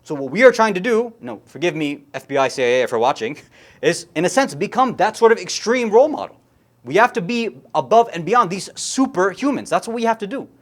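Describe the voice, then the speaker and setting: A man's voice: high-pitched, big pitch swings, a little fast. A man delivering a sermon, moving into an impassioned, mournful retelling. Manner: rising to impassioned, tearful recounting. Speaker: speaker at an Islamic centre. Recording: long hall reverb.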